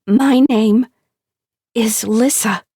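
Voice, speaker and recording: Female narrator doing a naive newborn AI girl, breathy, hesitant, slightly raised pitch. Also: measured pace, darkish tone, no echo, studio quality. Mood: joyful. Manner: hesitant, childlike questions. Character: newly awakened young female AI, innocent and confused.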